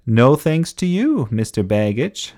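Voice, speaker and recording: A man's voice: mid-range voice, very animated, a little slow, dark tone, voice pushed up. A man doing a cheeky punning toy engine. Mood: mocking.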